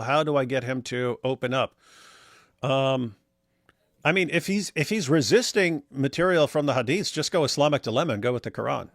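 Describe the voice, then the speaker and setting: Brief: male co-host, mid-pitched, dry close sound, wry and rambling. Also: dry recording. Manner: rambling, wry, many restarts. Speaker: livestream co-host reading super chats. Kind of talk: casual livestream chat.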